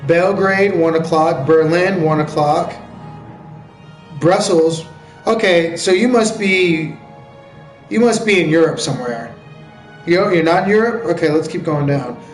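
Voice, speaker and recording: American guy on a live stream, kinda high voice, joking around with chat, echoey room, quiet music behind. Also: measured pace, pauses often. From United States. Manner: chatty and joking, answering viewers' questions aloud. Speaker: live-stream gamer chatting with viewers. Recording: roomy echo with faint background music.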